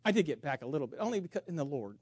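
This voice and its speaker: A man preaching as a pastor, animated and humorous, jumping between loud emphasis and quiet asides. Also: a little high, rapid-fire, breathy edge, dry recording, studio quality. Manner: humorous storytelling with self-mockery. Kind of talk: sermon.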